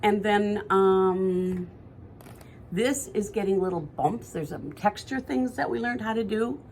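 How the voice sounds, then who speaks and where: A woman's voice: mid-range voice, a little slow, a little mellow, a little hiss or hum. A woman, co-hosting a podcast in casual chat that rambles and corrects itself as she goes. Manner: chatty, rambling, self-correcting. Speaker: podcast co-host.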